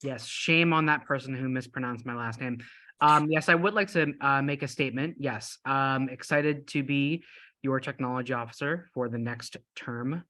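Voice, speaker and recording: A man's voice: mid-range voice, moderate pace, sharp tone. A young man on a video call giving a short upbeat statement as a newly elected officer, with some restarts.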